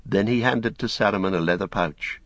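A man with a fairly low voice narrates an audiobook from a script, telling the story in a measured, even way. There's no echo.

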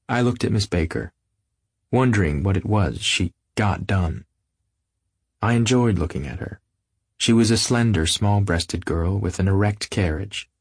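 A man narrating an audiobook in a measured, literary first-person reading. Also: low-pitched, slightly rough, no echo, clean studio sound. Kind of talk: scripted narration.

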